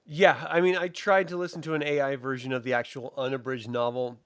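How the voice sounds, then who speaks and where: A man's voice: mid-range voice, little pitch movement, a little fast, a bit bright, smooth, dry recording, clean studio sound. A man co-hosting a podcast, laid-back and joking, laughing often. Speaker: podcast co-host. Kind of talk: casual chat.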